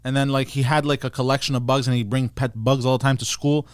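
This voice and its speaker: A man's voice: medium pitch, fairly even intonation, fast talker, no echo. Dry-sounding man telling loose stories. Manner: loose, profane anecdotes. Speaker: podcast co-host. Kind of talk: casual comedy chat.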